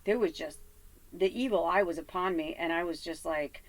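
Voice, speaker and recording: A woman's voice: lowish voice, moderate pace, poor audio. A woman from Chicago talks straight to her viewers as a psychic medium in a casual vlog. Her telling is loose, profane and heated, full of "like" and "you know.". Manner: lots of fillers like "you know" and "like".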